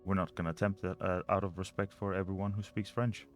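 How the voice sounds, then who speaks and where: Deep-voiced man reading game letters aloud. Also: level tone, fast, faint music behind. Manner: reads notes aloud, then mutters to himself over puzzles. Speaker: let's play gamer.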